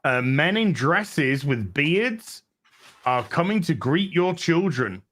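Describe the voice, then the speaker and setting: Man hosting a chat show, higher voice, mocking tone. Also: slow. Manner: lively, mocking, laughs often. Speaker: podcast host. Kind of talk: casual chat.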